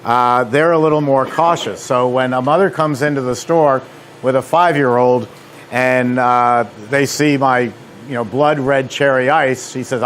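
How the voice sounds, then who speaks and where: A man's voice: medium pitch, fairly even intonation, unhurried, slight background noise. A man, a company president giving a live seminar demonstration as a chatty, joking storyteller. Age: 50s or 60s.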